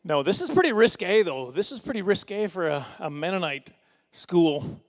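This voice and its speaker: A middle-aged man performs stand-up at a fundraising dinner. His voice sits high, and he rambles through his stories. He keeps mocking himself with quick chuckling asides. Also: big pitch swings. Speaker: stand-up comedian. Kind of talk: stand-up comedy set.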